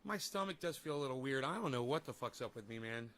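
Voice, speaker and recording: A man's voice: mid-range voice, expressive, quick pace, fairly bright tone, slight background noise. A man chatting casually on a livestream while sick and a little winded, rambling and swearing freely. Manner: rambling, swears freely, talks to his dog and chat. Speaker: livestream host.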